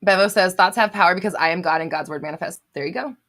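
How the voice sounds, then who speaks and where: Rapid-fire and fairly low-pitched, with a fairly bright tone, a woman runs a live question-and-answer stream, reading viewer comments aloud and replying bluntly. Her answers feature emphatic repetition, swearing and self-directed laughter.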